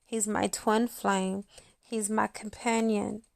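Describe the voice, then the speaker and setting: A woman's voice: mid-range voice, flat delivery, slow pace, creaky, dry recording, studio quality. A woman in her thirties, a spiritual channel host, talking intimately to her viewers and acting out quotes as she tells a story. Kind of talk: casual monologue to viewers.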